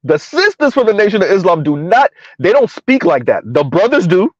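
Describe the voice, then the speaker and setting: A high-pitched man hosts a casual commentary show. He talks bluntly and sarcastically and keeps rambling through restarts. The recording is dry and a little dull and lo-fi. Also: sing-song, a little fast, dry recording.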